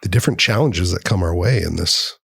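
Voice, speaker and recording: Low-voiced podcast host asking questions. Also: male voice, lively intonation, brisk, creaky, fairly bright tone, breathy edge, no room sound, clean studio sound. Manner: searching, restarts questions. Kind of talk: casual interview.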